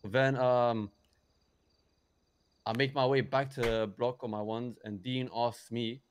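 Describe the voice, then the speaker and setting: A man's voice: mid-range voice, fairly even intonation, a little slow, pauses often. Rambling young man. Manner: rambling, hesitant, many restarts and fillers. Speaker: roleplayer in character. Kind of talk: in-character roleplay recounting events.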